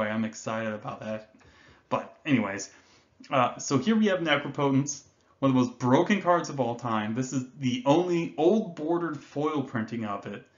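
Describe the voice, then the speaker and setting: Enthusiastic rambling man, lo-fi. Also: medium pitch. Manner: enthusiastic, rambling, swears casually, frequent fillers and restarts. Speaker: card game finance video host. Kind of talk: excited casual commentary.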